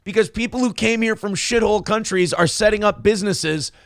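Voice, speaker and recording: A man from Minnesota, USA, hosts an internet morning show, reading viewer donations aloud and riffing on the news with crude, blunt sarcasm. His voice is high and a little fast. The studio sound is clean, with no room echo.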